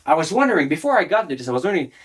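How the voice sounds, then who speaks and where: A man teaching public speaking straight to camera, emphatic and animated, often checking in with the viewer. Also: a little high, very fast, husky. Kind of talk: direct-to-camera coaching talk.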